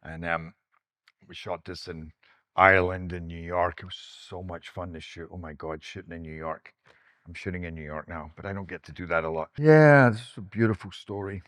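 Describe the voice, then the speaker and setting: Low-voiced man recounting his film career. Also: moderate pace, no echo, clean studio sound. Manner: animated, digressive storytelling. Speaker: actor. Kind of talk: casual reminiscing monologue.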